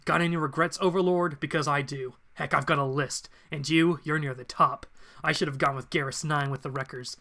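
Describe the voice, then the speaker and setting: Old robot doctor, male, weary, grim, rueful, read by a man, bright tone. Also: on the high side, fairly even intonation, fairly quick, creaky.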